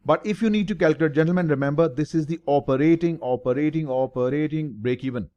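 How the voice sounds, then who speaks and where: A male finance tutor gives a lecture with a voice pitched a little above the usual for a man. He stresses key words and repeats them, and often poses a question and then answers it himself. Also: fast talker, dark tone, dull audio. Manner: emphatic, repeats key terms, asks and answers own questions. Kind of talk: lecture explaining break-even analysis.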